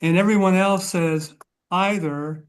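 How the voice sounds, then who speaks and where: Slow-talking man asking a question. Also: high-pitched, fairly even intonation, clean tone. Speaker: webinar attendee. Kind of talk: casual question.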